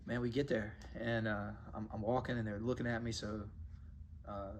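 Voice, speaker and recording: A man's voice: on the low side, moderate pace, slight background noise. A man, an MMA coach and fighter, telling stories in a casual interview and acting out the people in them. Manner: animated storyteller who acts out the voices of people in his stories.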